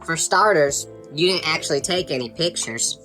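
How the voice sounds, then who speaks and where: A man voicing a frank Southern mother who speaks in a sugary, drawn-out way with a Southern accent. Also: a little high, bright, forceful tone, soft background music, voice pushed down, poor audio. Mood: bluntly honest. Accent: Southern US (put on). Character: blunt Southern woman, a mother posing with family.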